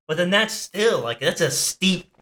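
High, bright-voiced man cracking dry jokes. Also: expressive, unhurried. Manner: dry quips, swears. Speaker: podcast co-host. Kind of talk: casual podcast banter.

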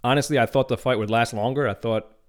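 Casual and full of opinions, a man on his own podcast works through the latest MMA news, sometimes starting his thoughts over. His mid-range voice keeps a fairly even intonation, and he talks fast.

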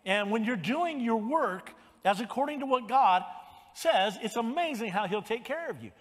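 A man's voice: very high voice, moderate pace, in a large hall. An older man preaching a sermon as pastor, retelling the story with acted-out lines and calls of "amen". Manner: animated storytelling, acts out quotes.

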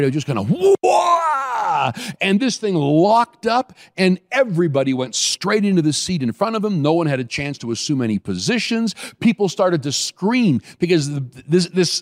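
A man preaching a sermon, telling a story with animated bursts and slowing right down on key phrases. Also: no room sound, clean studio sound. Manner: animated storytelling, acts out scenes with sudden high bursts.

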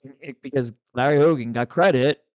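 A man's voice: moderate pace, no room sound, lo-fi sound. Guy telling a big story on a podcast, acts out everyone's lines, super dry close mic. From Maryland, US. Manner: animated, acts out quotes with big pitch jumps. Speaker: podcast host, former state senator. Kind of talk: casual storytelling chat.

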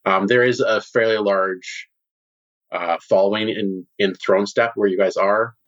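Casual game master with dull lo-fi sound. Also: male voice, fairly low pitch, steady tone, unhurried, a bit bright. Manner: casual, filler-heavy narration. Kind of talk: narrating a tabletop game.

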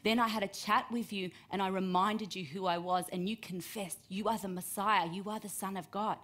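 A woman gives a sermon, reading scripture aloud and breaking off to explain it. She acts out the quoted lines with lively emphasis, her voice sitting at an ordinary middle pitch. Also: normal speed. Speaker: preacher.

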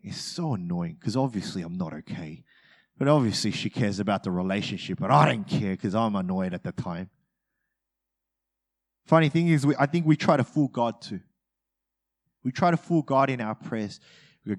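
A male pastor delivers a sermon conversationally, using humor and acting out brief everyday scenes as he swings between loud bursts and quiet asides. His voice is fairly low with lively intonation, and he speaks at a normal speed.

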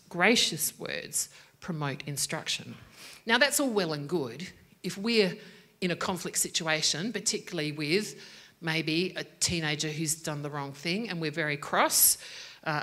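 A woman's voice: low voice, a bit bright. A woman who works as a teacher, giving a devotional talk on speaking graciously, conversational and checking in with her listeners often. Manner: conversational, with frequent "right?" check-ins. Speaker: teacher giving a faith-based parenting talk.

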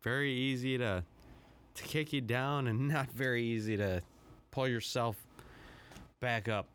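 A man's voice: mid-range voice, steady tone, unhurried, fairly bright tone, a little hiss or hum. A man hosting his own podcast, rambling through a casual, profane solo rant with a self-deprecating edge. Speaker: podcast host.

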